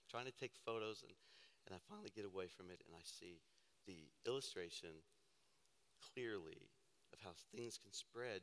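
A man preaching a sermon, telling a personal story with animated, self-deprecating humor in a church auditorium. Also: fairly low pitch. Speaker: pastor. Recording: hall reverb.

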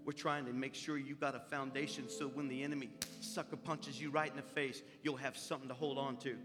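A man's voice: medium pitch, flat delivery, a little fast. A man preaching a sermon as pastor in a church, fervent and folksy in his way of talking. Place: church sanctuary. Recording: long reverb with music behind.

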